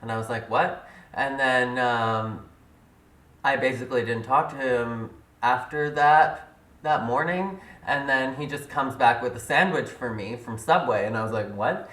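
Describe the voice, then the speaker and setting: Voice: medium pitch, normal speed, fairly bright tone. A young adult vlogger telling a story to camera in a chatty way, full of "like" and "literally". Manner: chatty, leans heavily on "like" and "literally". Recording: roomy sound from a distance.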